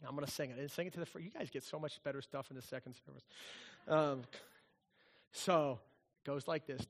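A middle-aged man, a pastor, preaching a sermon in a playful, animated storytelling manner. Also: mid-range voice, fairly quick, long pauses.

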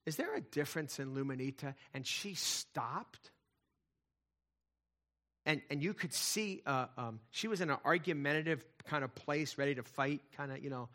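With a medium-pitched voice, the pastor talks through his sermon conversationally, shifting between hushed asides and loud, emphatic declarations.

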